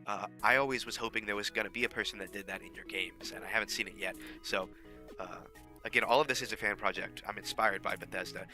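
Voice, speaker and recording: Man, low-pitched but very bright tone, loose rambling chat about his own project, faint music underneath. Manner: rambling, with many fillers and restarts. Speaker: fan audio drama creator. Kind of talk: casual behind-the-scenes talk.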